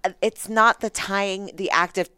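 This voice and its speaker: A woman's voice: mid-range voice, fairly even intonation, unhurried, bright, forceful tone, clear, resonant tone, no echo, clean studio sound. A woman co-hosting a podcast, talking frankly and chattily in a casual conversation. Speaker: co-host.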